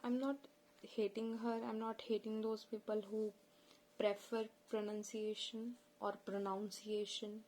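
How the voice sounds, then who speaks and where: A woman from India with a Punjabi accent, hosting an informal spoken lesson in a slow, earnest, plain-spoken way. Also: a little high, flat delivery, mellow, rough recording. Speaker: channel host.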